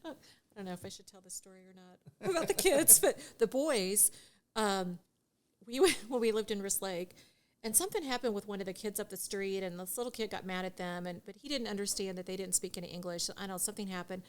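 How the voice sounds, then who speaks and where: A middle-aged woman, a guest on a podcast, telling a story in lively, casual chat with frequent laughter and acted-out dialogue. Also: medium pitch, a little fast. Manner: animated storyteller who laughs often and acts out dialogue. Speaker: guest, divorce mediation attorney.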